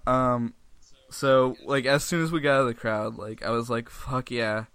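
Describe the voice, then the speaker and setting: A man's voice: mid-range voice, normal speed, a bit bright, smooth, no room sound. A young man hosting a casual podcast, telling a rambling story full of swearing and laughter. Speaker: podcast host.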